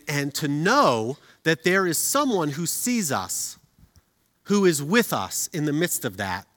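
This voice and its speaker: A middle-aged man preaching a sermon as a pastor, telling stories with humor and animated delivery. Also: on the high side. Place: church auditorium. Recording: reverberant hall.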